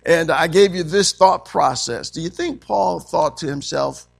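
A man's voice: on the high side, measured pace, vocal fry, breathy edge. A man preaching a sermon as pastor, asking the congregation questions and punctuating with frequent amens.

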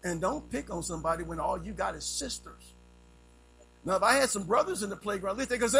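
Male preacher, high raspy-edged voice, animated storyteller, low music and hum under him. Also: quick pace, rough recording. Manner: storytelling with vivid sound effects, swings between loud and hushed. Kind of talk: sermon.

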